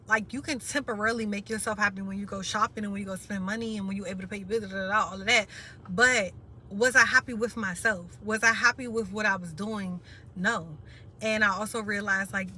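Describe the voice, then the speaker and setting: A woman's voice: on the high side, sharp tone, slight background noise. A young woman vlogger talking candidly to her viewers, rambling and slangy, at times close to tears. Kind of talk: candid confessional talk to viewers.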